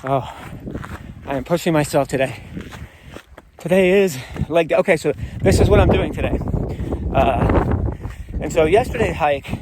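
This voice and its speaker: A man's voice: fairly high pitch, moderate pace, pauses often. A man hiking outdoors on a mountain trail, talking into a camera he carries, earnest and upbeat, a bit out of breath from climbing. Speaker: hiker vlogging on the trail. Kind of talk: casual vlog while hiking. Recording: loud outdoor noise behind the voice.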